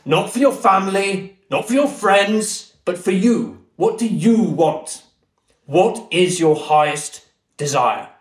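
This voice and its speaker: A man voicing an enormous blue male genie with a big booming English voice, in a roomy-sounding recording. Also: expressive, takes it slowly, recorded from a distance. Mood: grand. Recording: roomy echo.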